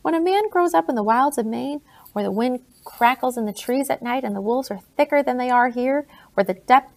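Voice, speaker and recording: A woman reading an audiobook, voicing a blunt, grave older colonial gentleman in her own plain voice. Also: high voice, brisk, vocal fry, pitched above the performer's own voice.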